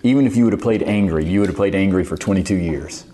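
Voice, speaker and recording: A man's voice: sits low, fast talker, warm tone. A man interviewing his guest, asking questions and chiming in with short supportive replies.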